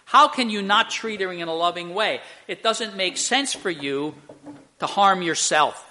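An older pastor delivers a sermon, earnestly telling a story and acting out the people in it. His voice is a little high with a sharp tone.

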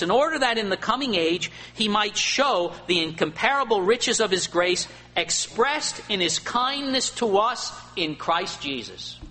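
A male pastor preaching a sermon, swinging between loud emphatic lines and quiet asides. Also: high-pitched. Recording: faint hum and long hall reverb.

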